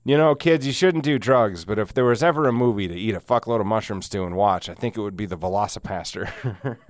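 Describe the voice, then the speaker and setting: A man's voice: lowish voice, sing-song, moderate pace, no room sound, studio quality. A man hosting a casual solo podcast, rambling and sardonic with frequent laughs, wheezing through a sinus cold. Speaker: podcast host.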